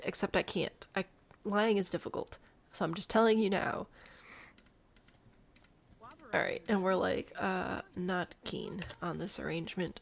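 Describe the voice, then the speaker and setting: A woman's voice: medium pitch, creaky, a little hiss or hum. A woman with a Midwestern accent, casually commenting on a life-sim game for live viewers and cracking jokes as she plays. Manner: playful, jokey, chatting with live viewers. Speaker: let's play streamer.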